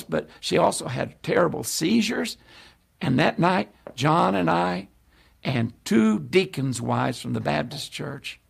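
A man preaching a sermon, telling a story with animated delivery and acting out the voices of people in it. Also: a little high, creaky, breathy edge.

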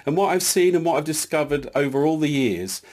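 A man's voice: lively intonation, brisk, darkish tone. A man preaching a sermon in an earnest, emphatic way, reading scripture aloud with some small hesitations. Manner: earnest, emphatic, builds in lifts of pitch.

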